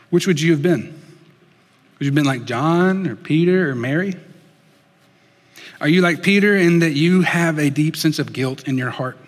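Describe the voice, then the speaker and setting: A man preaching a sermon in an earnest storytelling way, dropping soft and slow for emphasis. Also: medium pitch, in a large hall. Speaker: pastor.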